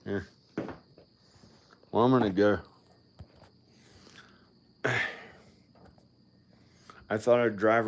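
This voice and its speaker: A man vlogging at home, rambling and musing aloud to himself in a casual monologue. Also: on the low side. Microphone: filming himself on camera.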